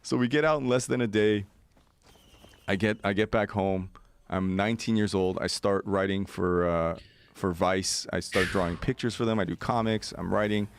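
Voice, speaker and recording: A man's voice: lowish voice, steady tone, normal speed, clear, resonant tone. A man in his forties telling a long adventure story, acting out other people's voices with lots of fillers. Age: 40s. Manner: acts out voices in quotes, many fillers. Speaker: podcast guest. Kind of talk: animated storytelling.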